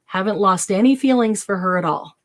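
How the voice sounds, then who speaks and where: A woman hosting a craft channel, giving heartfelt, encouraging advice to viewers and acting out gentle self-talk in the first person. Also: medium pitch, animated, fairly quick.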